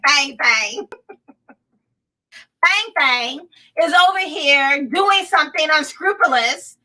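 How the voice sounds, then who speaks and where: A woman's voice: high voice, lively intonation, slow, long pauses, bright, forceful tone, recorded from a distance, poor audio. A woman hosting a political commentary show, sarcastic and laughing often as she reads headlines aloud. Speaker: show host.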